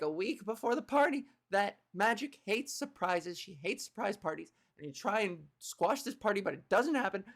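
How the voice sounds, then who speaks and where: A woman in her thirties hosting a comedy podcast, ranting in an animated, exasperated, profane way. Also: medium pitch. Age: 30s.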